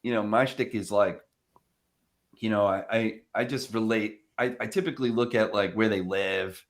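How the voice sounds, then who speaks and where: A man with a somewhat low voice tells sales stories in casual podcast chat. He is animated, laughs often and acts out both sides of his phone calls. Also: normal speed. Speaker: sales development rep.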